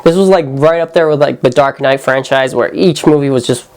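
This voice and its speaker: Brief: young male vlogger, casual and animated, slangy review rant. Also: medium pitch, brisk. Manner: animated, slangy, lots of "like" and mock quotes. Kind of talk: casual movie review vlog.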